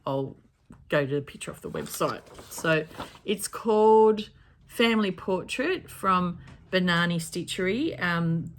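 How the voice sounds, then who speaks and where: A woman chatting casually in her home craft room as a cross-stitch vlogger, rambling and often correcting herself. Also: deep voice. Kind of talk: casual chat.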